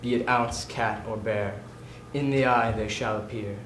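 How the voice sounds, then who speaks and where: A man's voice: on the low side, fairly even intonation, measured pace, fairly bright tone, a little hiss or hum. A man as a solemn fairy king casting a spell. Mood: solemn, spellcasting. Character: Oberon, commanding male fairy king. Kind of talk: stage acting. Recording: echoey, from far off.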